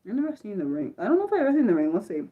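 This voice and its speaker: A young woman hosting an unscripted livestream, chatting to her viewers with animated restarts and repeated exclamations, easily spooked. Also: medium pitch, racing, breathy edge, phone-quality sound. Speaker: livestream host. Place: her room.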